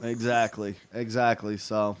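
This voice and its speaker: A man's voice: on the low side, flat delivery, measured pace. A man hosting a call-in show, chatting casually in a blunt, profane, rambling way. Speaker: show host. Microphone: headset or desk mic with headphones.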